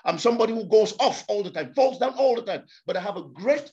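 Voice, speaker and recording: A man's voice: high voice, lively intonation, quick pace, a little mellow. A man preaching a sermon to a congregation, impassioned and repeating words for emphasis. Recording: slightly dull lo-fi sound.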